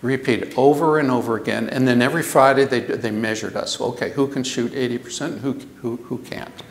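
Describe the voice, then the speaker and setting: An older man giving a lecture, animated, asking the audience questions and repeating himself for emphasis. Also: medium pitch, brisk, vocal fry, reverberant, slight background noise. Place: lecture hall.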